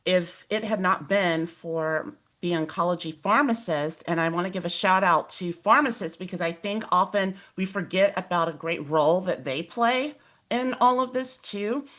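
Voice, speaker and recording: A woman hosting a webinar in a casual, animated way, telling a personal story with lots of fillers. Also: fairly low pitch, normal speed. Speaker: host.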